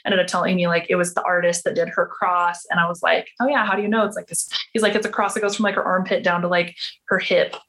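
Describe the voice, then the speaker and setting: Guesting on a podcast, a woman in her thirties tells a personal story in a casual, chatty way, full of "like" fillers and acted-out quoted dialogue. She speaks fast with a lowish, flat, slightly bright voice.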